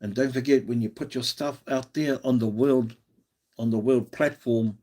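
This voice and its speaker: A man's voice: medium pitch, fairly even intonation, normal speed, warm tone. An Australian man hosting a live stream, chatting casually and encouragingly, often restarting his sentences.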